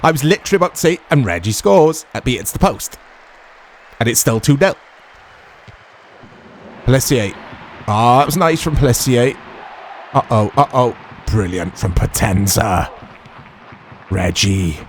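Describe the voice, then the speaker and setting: A man talks his viewers through a football video game in a loose, chatty way. He jumps up in volume when a chance comes close. A faint hiss sits under his mid-pitched voice. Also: a little slow, long pauses. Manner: excitable, shouts at big chances, chatty asides. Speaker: gaming commentator. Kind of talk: casual let's-play commentary.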